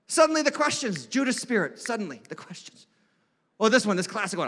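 A man preaching from the pulpit with a high, bright, ringing voice that carries a long hall reverb. He is emphatic and animated, and now and then mocks imagined critics in put-on voices. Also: a little fast. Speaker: lead pastor. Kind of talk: sermon. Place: church sanctuary.

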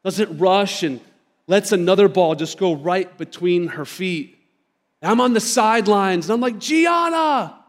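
Male pastor, pretty high voice, chatty storytelling sermon, big church reverb. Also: moderate pace. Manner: conversational storytelling, direct asides to the congregation. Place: church sanctuary.

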